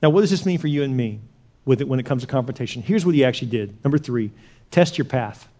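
A man preaching a sermon as pastor, talking conversationally and repeating words as he goes from quiet asides to animated retellings. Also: mid-range voice, fast talker.

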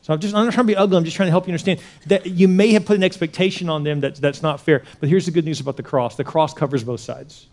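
Give me a conversational male pastor with a slightly high voice, preaching a sermon. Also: fast, few pauses. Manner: conversational, repeats words, swings from quiet to animated.

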